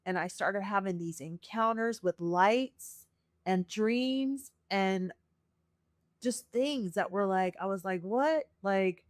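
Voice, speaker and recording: A woman's voice: mid-range voice, slow, dry recording, studio quality. Earnest woman telling her testimony. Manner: earnest, animated, acts out quoted voices. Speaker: podcast guest sharing her testimony. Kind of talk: emotional personal storytelling.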